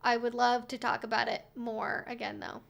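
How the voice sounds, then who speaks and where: A woman's voice: a little high, level tone, moderate pace, creaky. A young woman hosting a casual livestream Q&A, chatty with lots of fillers and sarcastic asides. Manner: soft baby talk to her dog. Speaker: streamer hosting a weekly Q&A.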